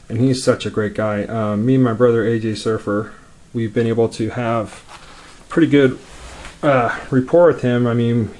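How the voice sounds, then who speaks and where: A laid-back comic collector vlogger chats through a casual show-and-tell at an ordinary middle pitch with a slightly mellow sound. He talks quickly and rambles, with plenty of fillers and restarts.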